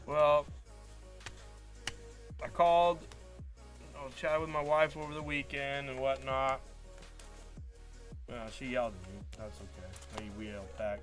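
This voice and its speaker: A man's voice: mid-range voice, moderate pace, a bit bright. A man telling a long, frustrated story in casual live-stream chat as a card break host, acting out quoted dialogue. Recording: faint music behind.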